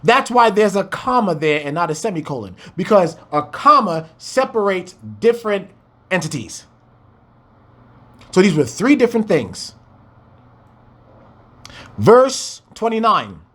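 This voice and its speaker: A man's voice: high-pitched, sing-song, measured pace, long pauses, a bit bright. A man preaching a fiery scripture breakdown, firing rhetorical questions and swearing as he exclaims.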